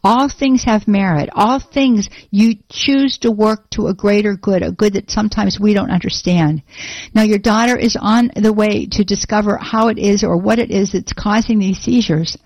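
A woman's voice: medium pitch, moderate pace, darkish tone, dry recording, rough recording. A woman radio host in a studio, praying aloud earnestly with many repeated phrases, then chatting with a caller. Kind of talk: spoken prayer and call-in talk.

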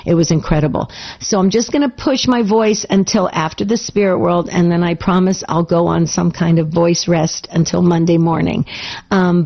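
A woman hosting a live call-in radio show, her voice raspy as she recovers, chatty and urging listeners to phone in. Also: lowish voice, lo-fi sound.

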